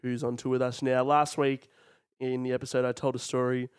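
A man's voice: mid-range voice, level tone, fairly quick, smooth, no room sound. A young Australian man co-hosting a comedy podcast, rambling in a mock-formal way into a close mic. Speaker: podcast co-host. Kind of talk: casual comedy podcast chat.

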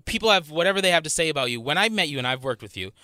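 A man's voice: a little high, lively intonation, rapid-fire, sharp tone, dry recording. A man in his thirties, a producer hopeful, talking eagerly and a bit nervously with a radio host in the studio. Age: 30s. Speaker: producer candidate. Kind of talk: casual studio banter.

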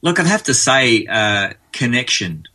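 A man's voice: medium pitch, sing-song, measured pace, sharp tone. A man in his forties with an Australian accent, chatting as an interview guest and telling stories with many fillers. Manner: chatty, storytelling, frequent fillers. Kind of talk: relaxed conversational interview.

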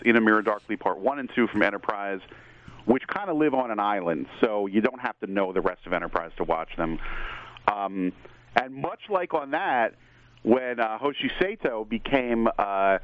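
Excitable man over a tinny line. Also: lowish voice. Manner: excitable, rambling enthusiasm. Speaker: podcast host. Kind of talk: casual TV discussion. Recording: tinny phone-like line, dry.

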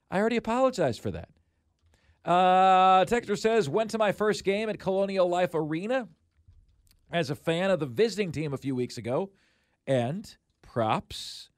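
A man hosting a sports talk radio show in a studio, talking in animated, self-deprecating banter. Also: high-pitched, moderate pace, no room sound. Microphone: studio microphone.

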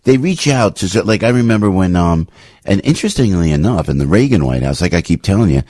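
A middle-aged man hosting morning radio, joking and talking in quick, self-interrupting bursts. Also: low voice, no echo. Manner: jokey, animated, self-interrupting. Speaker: radio show host.

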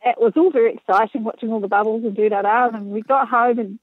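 Brief: New female caller, fairly high voice, playful storyteller, muffled phone-line sound. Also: quick pace, no echo. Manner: lively, self-mocking storytelling. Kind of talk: casual on-air anecdote.

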